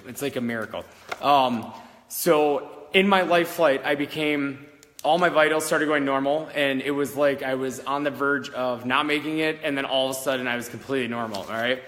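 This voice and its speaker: A psychic medium in his thirties, with a mid-range, fairly bright voice, tells a personal story in a rambling, candid, casual way. He often checks in with "all right?" and swears now and then. He's indoors in an old country schoolhouse, and the sound carries a big-room quality.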